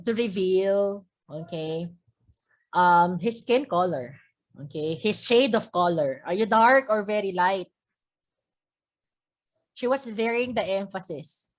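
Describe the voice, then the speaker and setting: A woman teacher talking through a poem in class, often checking in with "okay?" and repeating herself as she explains. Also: mid-range voice. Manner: checks understanding with frequent "okay?"; restarts and repeats words while explaining. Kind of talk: literature lesson explaining a poem.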